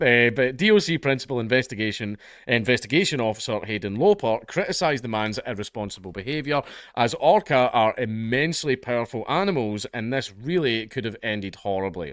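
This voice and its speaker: A man's voice: medium pitch, a bit bright, no echo, studio quality. A Scottish man hosting comedic news commentary, blunt, profane and exasperated. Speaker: online commentary host.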